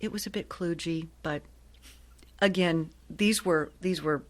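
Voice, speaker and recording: Chatty woman in her 60s, kinda low voice, lively, laughs a lot telling stories. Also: unhurried. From Ohio. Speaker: guest, actress and voiceover artist. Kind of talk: casual interview storytelling.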